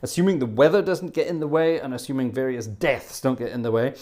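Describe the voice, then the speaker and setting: A man's voice: mid-range voice, fast talker, darkish tone. A man hosting a livestream, chatting casually in a rambling way and laughing often. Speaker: livestream host.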